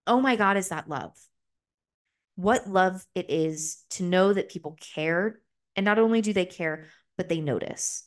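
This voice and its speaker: A woman's voice: fairly low pitch, unhurried. A young adult woman hosting a podcast in a casual, candid solo chat, full of "like" fillers and the occasional swear word. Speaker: podcast host.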